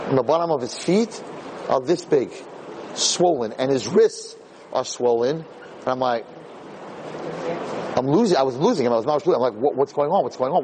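A man's voice: mid-range voice, background noise. A middle-aged man, a rabbi and teacher, telling a story in a Torah talk, acting out the dialogue and repeating phrases.

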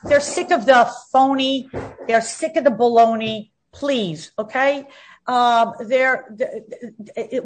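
A woman in her fifties talking as an interview guest, outspoken and combative, repeating herself when heated. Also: on the high side. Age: 50s.

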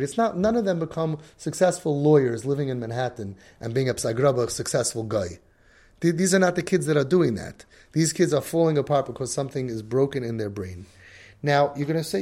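A man's voice: medium pitch, darkish tone. A man giving a religious lecture as a parenting coach, emphatic and acting out the voices he quotes.

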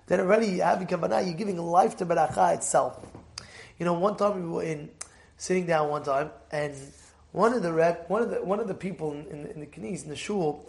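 A man's voice: fairly high pitch, brisk, gravelly. A man teaching a Torah class, telling stories with Hebrew terms mixed in and asking the listeners questions. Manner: animated storytelling, mixes Hebrew terms, asks the listeners questions. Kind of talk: lively Torah class talk.

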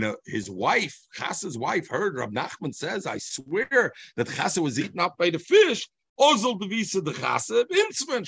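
A man teaching a Talmud class, explaining each passage in a sing-song, animated way and mixing in Hebrew and Yiddish terms. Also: sits high, no echo.

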